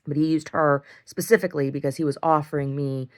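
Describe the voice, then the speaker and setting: Frank, low-pitched woman venting. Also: brisk. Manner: animated, frank storytelling with lots of "like" and "right?". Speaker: video diarist. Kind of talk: casual monologue.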